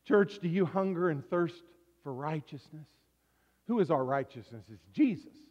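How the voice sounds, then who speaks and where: A man preaching a sermon as pastor, swinging from hushed tones to shouts and calling for amens. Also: on the high side, lively intonation, normal speed. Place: church hall. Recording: echoey hall, dull lo-fi sound.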